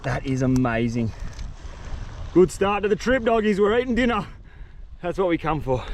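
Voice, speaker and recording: A man filming himself outdoors in the mangroves, talking in excited, slang-heavy bursts straight to a handheld camera. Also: high voice, normal speed, highs cut off, a little hiss or hum. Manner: excited, breathless slang-filled chatter. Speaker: outdoor vlogger. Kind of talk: self-filmed outdoor vlog.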